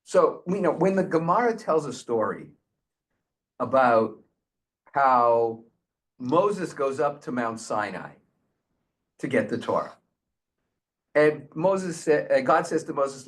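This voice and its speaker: A man hosting and teaching, retelling a Talmudic tale as an animated storyteller. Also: medium pitch, takes it slowly, pauses often. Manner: animated storyteller, frequent restarts.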